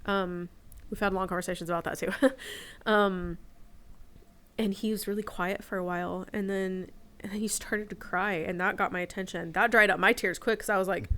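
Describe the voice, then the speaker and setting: A woman in her forties chats openly as a podcast guest. Her voice sits in a middle pitch, and she tells her stories in a candid, reflective way. The talk is loose and personal. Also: a bit bright. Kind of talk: casual podcast chat.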